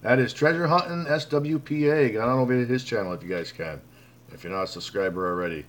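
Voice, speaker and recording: A man of medium pitch runs a loose, chatty live stream, greeting viewers one by one and calling them bud. He rambles, stumbles over names and restarts his sentences often. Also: fast. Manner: rambling, reads viewer comments aloud; frequent fillers and restarts. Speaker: livestream host. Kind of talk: casual live-stream chat.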